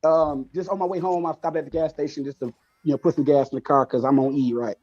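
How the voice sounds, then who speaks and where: A man telling a story in casual chat, animated and acting out the people in it. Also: on the high side, fast talker, lo-fi sound. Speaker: show co-host.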